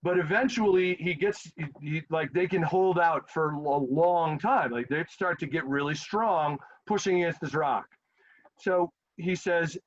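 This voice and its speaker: Animated male history teacher, lo-fi. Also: on the high side, moderate pace. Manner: animated, acts out quotes in a casual voice. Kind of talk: storytelling history lecture. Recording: dull lo-fi sound.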